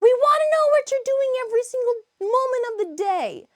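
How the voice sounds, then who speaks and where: A woman voicing her nosy, pestering house cats in a high, whiny voice. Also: big pitch swings, brisk.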